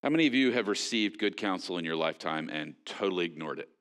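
A man preaching a sermon in a conversational, animated way, with frequent fillers and restarts. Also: low voice, quick pace, smooth. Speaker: pastor.

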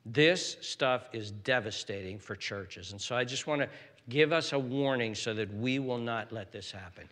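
An older man preaching a sermon as pastor, swinging between hushed, whispered lines and loud, emphatic exhortation. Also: medium pitch, moderate pace, in a large hall.

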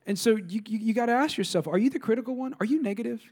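Male pastor, middle-aged, high-pitched, animated sermon delivery with rhetorical questions. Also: racing, husky. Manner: animated preaching, rhetorical questions, mimicking complainers.

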